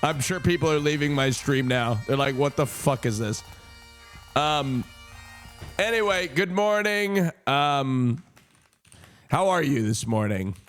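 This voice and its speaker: A man's voice: a little high, expressive, a little slow, fairly bright tone. A man chatting casually to his livestream audience, joking and rambling with lots of fillers. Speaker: streamer. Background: faint music.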